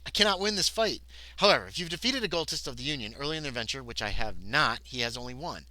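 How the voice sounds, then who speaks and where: Rapid-fire and recorded dry, this mid-range male voice belongs to a streamer playing a tabletop horror game alone. His talk is excitable and meandering, constantly interrupting itself as he answers chat and responds to the game.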